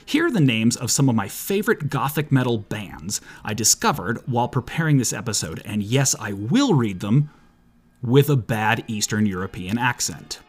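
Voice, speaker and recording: Man, podcast host, husky, lively pitch, sarcastic, deadpan, profane. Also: normal speed, soft background music. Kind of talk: comedic podcast monologue.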